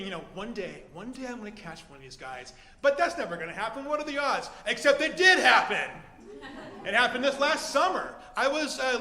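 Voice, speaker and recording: A man telling a comic true story to a live audience, with animated, exaggerated outrage. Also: sits high, echoey room, long reverb tail. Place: theater stage with live audience.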